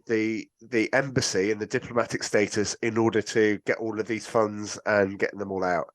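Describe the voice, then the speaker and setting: Man, podcast guest, chatty and rambling, frequent restarts. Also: medium pitch. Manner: rambling, animated, many restarts and asides. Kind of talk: casual film discussion.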